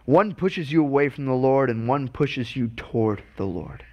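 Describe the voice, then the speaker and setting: A man's voice: medium pitch, lively intonation, normal speed, a little mellow, highs cut off. A man preaching a sermon as pastor, earnest and often stumbling over and repeating his words.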